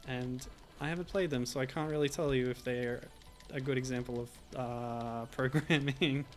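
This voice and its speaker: A man's voice: medium pitch, steady tone, moderate pace, soft background music. A man streaming a retro game, chatting casually and wryly with frequent laughs.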